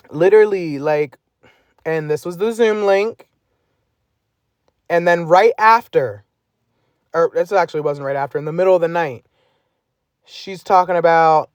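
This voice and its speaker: A man's voice: a little high, moderate pace, long pauses, dry recording, clean studio sound. A man on a phone livestream, recounting messages aloud in an exasperated casual rant.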